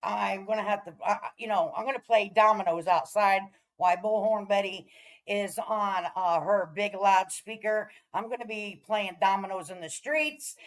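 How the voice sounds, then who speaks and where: A woman's voice: medium pitch, poor audio. A woman hosting a casual reaction stream, talking in a sassy, blunt, profane way. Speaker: commentary streamer host.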